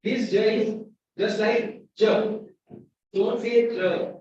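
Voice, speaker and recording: A man's voice: high-pitched, fairly even intonation, slow, darkish tone, slight background noise. A man with an Indian English accent teaching a pronunciation lesson, spelling out words letter by letter and repeating each one. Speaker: university lecturer. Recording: dull echoey room from far off.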